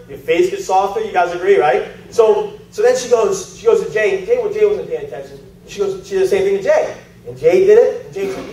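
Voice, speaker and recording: Speaking fast in a high-pitched, expressive voice with a darkish tone, a man delivers a chatty sales presentation to a live group. He's a storyteller who quizzes his listeners, captured from a distance in an echoing meeting room.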